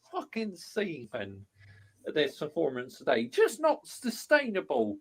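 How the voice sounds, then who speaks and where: Furious high-pitched football rant. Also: male voice, slightly rough. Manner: furious, shouting, heavy swearing. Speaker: football fan vlogger. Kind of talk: angry fan rant to camera.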